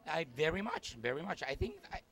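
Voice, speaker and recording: Animated man with Puerto Rican Spanish accent. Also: fairly quick, creaky. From Puerto Rico. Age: middle-aged. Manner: animated, excitable, lively swings in pitch. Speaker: stand-up comedian and actor. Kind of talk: festival red-carpet interview. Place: busy festival event in New York.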